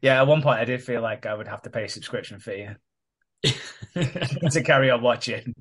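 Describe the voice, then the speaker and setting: A man's voice: mid-range voice, moderate pace, a bit bright, breathy edge. A man co-hosting a podcast, recapping a soap storyline in a rambling, sweary way. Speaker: podcast co-host. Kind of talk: casual recap chat.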